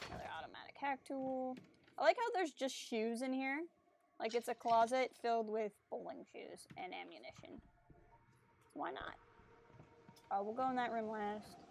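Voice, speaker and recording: A fairly high-voiced woman chatting her way through a game stream. She explains mechanics and heckles the enemies. A faint hiss sits under her voice. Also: a little mellow. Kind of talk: casual gameplay commentary.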